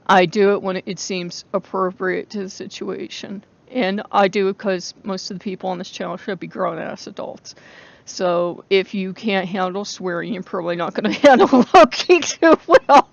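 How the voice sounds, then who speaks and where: A woman's voice: mid-range voice, moderate pace, vocal fry, muffled recording. A woman in her forties hosting her own channel, talking casually, swearing freely, rambling and laughing often. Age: 40s. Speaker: channel host. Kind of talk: casual spoken vlog.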